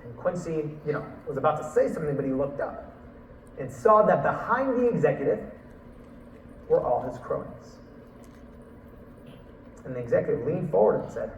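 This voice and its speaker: A man telling a story in a talk, lively, acting out what people said. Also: on the high side, normal speed, pauses often, echoey room, far from the mic, lo-fi sound, a little hiss or hum. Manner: animated, acts out quotes and laughs. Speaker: speaker.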